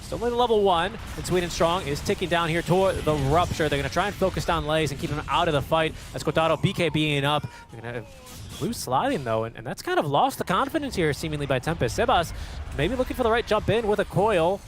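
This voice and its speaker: A man casting an esports match with quick, excitable play-by-play commentary. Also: fairly high pitch, a little hiss or hum. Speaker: esports caster.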